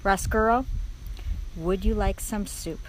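A woman voicing a gentle, kind young princess who speaks in a high, earnest, pleading way. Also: slow pace, slight background noise, close to an everyday voice, low-quality recording.

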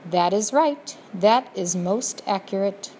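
A woman voicing a scheming male rat from a dungeon, speaking softly, courtly and coaxing, in a storybook reading. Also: medium pitch, expressive, slow, a little hiss or hum.

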